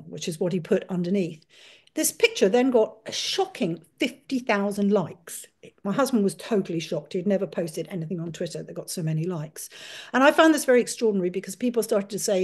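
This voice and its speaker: A woman author giving a talk, telling a family history in an earnest, measured storytelling way. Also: medium pitch, darkish tone. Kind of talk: storytelling lecture.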